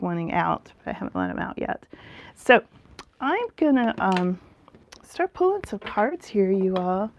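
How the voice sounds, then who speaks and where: A woman's voice: mid-range voice, darkish tone. A woman hosting a live tarot stream outdoors in the mountains. She chats casually, laughs often and greets viewers by name.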